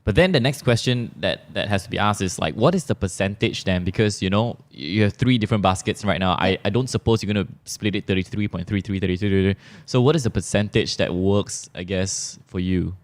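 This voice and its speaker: A man's voice: low-pitched, brisk, few pauses. A man with a Malaysian English accent co-hosting a casual chat, earnest and thinking aloud. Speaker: co-host.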